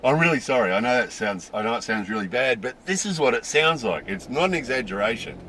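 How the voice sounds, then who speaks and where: A man's voice: mid-range voice, lively intonation, fast talker, sharp tone. A man vlogging casually to camera about life in Japan, stressing points by repeating his words.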